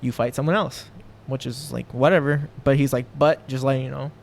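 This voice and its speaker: A man's voice: mid-range voice, steady tone, brisk, gravelly. A young man, a professional fighter, talking casually on a podcast in a rambling way, full of fillers and restarts. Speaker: guest, professional MMA fighter.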